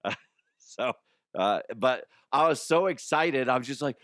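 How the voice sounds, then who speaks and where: A man hosting a comedy show, his voice hoarse and strained, chatting casually in a rambling, excitable way and laughing often. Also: mid-range voice, measured pace, no echo, clean studio sound. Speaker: comedy show host and youth baseball coach.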